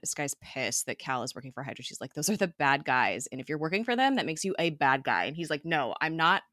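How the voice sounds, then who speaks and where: A woman's voice: low voice, a bit bright, no echo, studio quality. A young woman recapping a TV episode in a casual, chatty way, full of fillers, asides and giggles.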